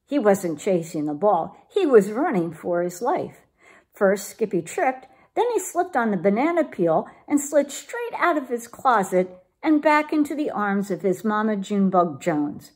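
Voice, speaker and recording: Lively woman reading a picture book. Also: medium pitch, unhurried, breathy edge. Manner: expressive, lively read-aloud. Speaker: storyteller.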